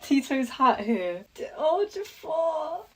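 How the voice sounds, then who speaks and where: Excitable female vlogger, gushing reaction, fast and breathless. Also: high voice. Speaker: content creator reacting to a trailer.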